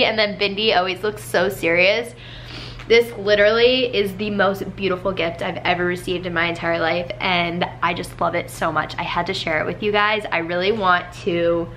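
A woman's voice: mid-range voice, a bit bright, slight background noise. A young woman vlogging casually at home, chatty and gushing, with plenty of filler "like"s. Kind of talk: casual vlog talk to camera.

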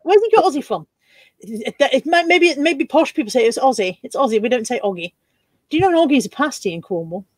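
A woman's voice: high-pitched, very animated, fast, a little mellow, dry recording. A woman hosting a casual live stream from home, chatting and reading out viewer comments. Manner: chatty, reads out viewer comments with bursts of laughter.

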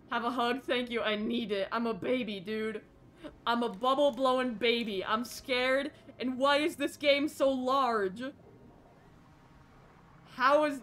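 A young woman streamer with a bright, slightly high voice gives jittery, self-mocking commentary on a game as she chats with her viewers. Faint music plays in the background. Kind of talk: casual live gameplay commentary.

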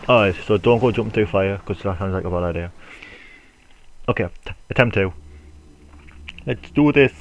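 A man's voice: lowish voice, moderate pace, long pauses, lo-fi sound. A man giving chatty, wry commentary as he plays a video game. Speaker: gamer. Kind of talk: gameplay commentary.

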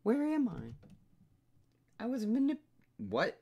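A gamer squeaking as a dazed frightened young woman. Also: wildly swooping pitch, very slow, warm tone, breathy edge, lo-fi sound, heavily acted. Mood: bewildered. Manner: high squeaky put-on girl's voice. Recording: noisy home recording with keyboard clicks.

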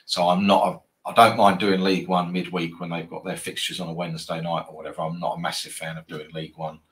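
A man's voice: deep voice, level tone, fast talker, a bit bright. A man hosting a live football trading stream, chatting casually and bantering with viewers in a rambling way.

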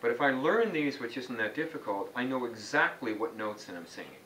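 A man's voice: medium pitch, expressive, brisk, a bit bright. A man teaching a chant class, explaining informally to students with restarts and asides. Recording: roomy sound from a distance, faint background noise.

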